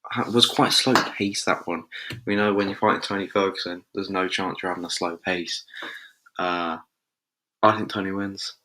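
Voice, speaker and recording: A man's voice: low voice, steady tone, moderate pace, background noise. A man hosting a casual show, giving fight predictions in a chatty, think-aloud way with loose slang. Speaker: MMA show host.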